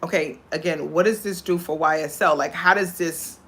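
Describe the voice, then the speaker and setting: A woman host giving casual, animated commentary on a court case, slipping into voices for the people she quotes. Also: sits low, moderate pace. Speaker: show host.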